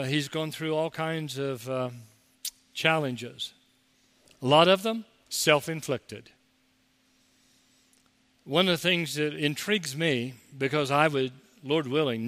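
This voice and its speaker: A man's voice: mid-range voice, sharp tone, long reverb tail. A man preaching a sermon as pastor, talking conversationally and mocking the people he quotes.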